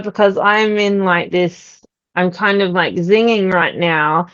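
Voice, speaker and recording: A woman's voice: medium pitch, unhurried, dry recording, highs cut off. A woman in her thirties with an Australian accent, a podcast guest telling stories animatedly and quoting herself. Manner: animated storyteller, quoting herself in lively voices. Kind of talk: conversational interview.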